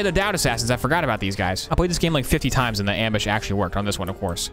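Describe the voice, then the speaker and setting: A young man streaming a video game, giving deadpan, mock-serious comic commentary that jumps now and then into high, squeaky yelps. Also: rapid-fire, hardly any pauses, soft background music. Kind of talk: comedic gameplay commentary.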